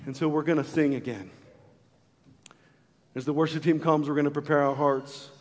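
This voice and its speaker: A middle-aged man preaching a sermon as pastor, earnest, moving from loud calls to hushed, intimate lines. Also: fairly high pitch, fairly even intonation, moderate pace, long reverb tail. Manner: acts out voices in a story.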